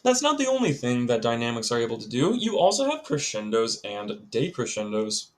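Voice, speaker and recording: A man's voice: medium pitch, huge pitch swings, a little fast. Young guy teaching music to kids on a video, chatty, lots of ums, talks right to the class. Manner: chatty, addresses students directly, many ums. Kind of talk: recorded music lesson for children.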